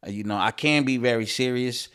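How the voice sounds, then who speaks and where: A man's voice: medium pitch, a little fast, fairly bright tone, clean tone. A man, a rapper guest on a podcast, talking in a laid-back way with many fillers and some swearing. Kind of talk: casual podcast chat.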